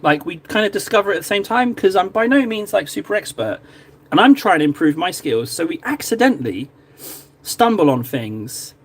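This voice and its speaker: A man's voice: high-pitched, sing-song, normal speed, husky. A chatty, jokey man from Cornwall, talking casually to viewers while painting on a live stream. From Cornwall, England.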